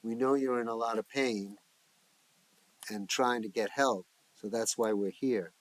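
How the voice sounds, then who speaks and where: A man voicing a middle-aged mother who speaks calmly, firmly and tenderly. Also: mid-range voice, measured pace, close to an everyday voice. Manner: calm, firm and tender.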